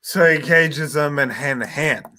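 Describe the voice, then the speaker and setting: A man tells a soldier's story in a casual chat, pausing often on uh and um. His voice is bright and tense. It sits a little higher than most men's. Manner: recounts history with hesitant uh and um fillers. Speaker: guest author.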